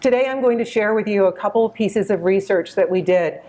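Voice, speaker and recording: A woman's voice: medium pitch, dark tone. Woman in her fifties giving a keynote. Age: 50s. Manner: measured, storytelling, addresses audience directly. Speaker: keynote speaker. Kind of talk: conference keynote.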